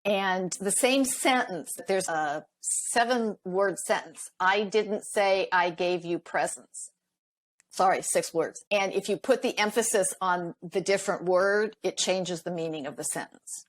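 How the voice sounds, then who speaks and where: A middle-aged woman, a marriage coach, talking in a podcast interview, lively and laughing often as she acts out quoted dialogue. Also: mid-range voice, a little slow.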